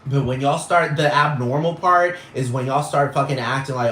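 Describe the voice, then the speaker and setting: A man's voice: medium pitch, normal speed, a bit bright, roomy sound. A man ranting casually to camera in a vlog, swearing and emphatic, full of slang. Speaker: vlogger.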